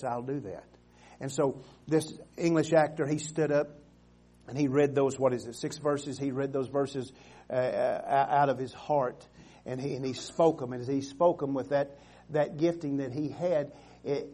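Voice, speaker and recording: A male pastor preaching a sermon, calling for amens and drawing scripture out slowly, swinging from loud exhortation to hushed storytelling. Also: medium pitch. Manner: emphatic, calls for amens, stretches scripture slowly.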